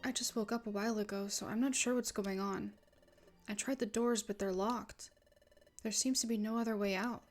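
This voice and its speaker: A woman quietly reading the lines of a calm young partner Pokemon in a video game. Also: mid-range voice, moderate pace, close to an everyday voice.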